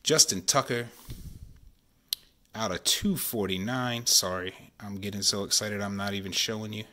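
A man, chatting excitedly while opening sports card packs at home and keeping his voice down. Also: fairly low pitch, normal speed. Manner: excited, chatty, says y'all often; keeping voice down while kid sleeps. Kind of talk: casual card-opening vlog. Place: home, at night.

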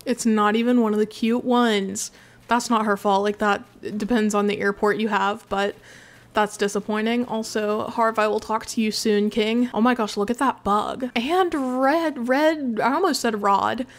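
A woman's voice: medium pitch, flat delivery, normal speed. A woman hosting a gaming channel who chats casually and sleepily over her gameplay, rambling off topic and poking fun at herself. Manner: chatty, rambling, self-mocking, sometimes yawning.

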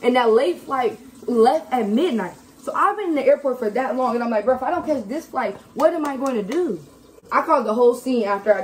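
A woman telling a story in a casual, animated vlog chat at home. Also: a little high, fairly quick, slight background noise. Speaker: vlogger. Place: home kitchen.

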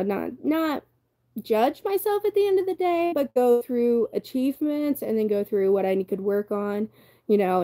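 A young woman from the American South hosts a casual livestream. Her voice sits a little high but sounds warm and mellow. She rambles easily, reads comments aloud and laughs often as she talks. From Southern United States. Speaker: livestream host. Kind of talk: casual live-stream chat reading viewer comments.

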